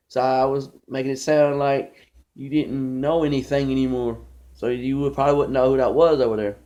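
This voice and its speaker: A man's voice: mid-range voice, mellow. A man doing a rambling, conversational stand-up comedy monologue, storytelling with many restarts.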